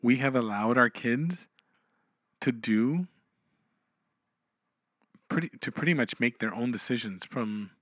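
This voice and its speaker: A man's voice: mid-range voice, takes it slowly, pauses often, a bit bright, dry recording. A man co-hosting a casual podcast chat, telling a story in a loose, rambling way. He stops and restarts his sentences often. His voice sits mid-range and sounds dry and close. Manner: rambling, many restarts and "you know"s. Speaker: podcast co-host.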